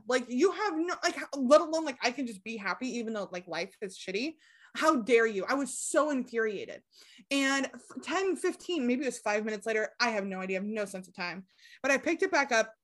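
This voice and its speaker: Young woman, podcast guest, candid and a bit high-voiced, swears casually, filler-heavy. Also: fairly bright tone. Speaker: podcast guest, abuse recovery coach. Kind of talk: casual interview storytelling.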